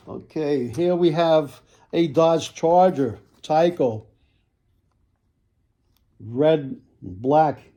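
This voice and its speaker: A man selling toy cars in a casual video, with folksy sales patter, repeated words and frequent throat clearing. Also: a little high, mellow. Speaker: toy car seller.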